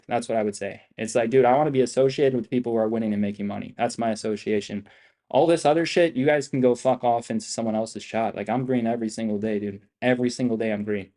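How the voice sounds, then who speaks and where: A man's voice: mid-range voice, dark tone. A young man trading on a livestream, talking in a brash, profane, rambling and repetitive way. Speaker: livestream trader. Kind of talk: boastful livestream chat.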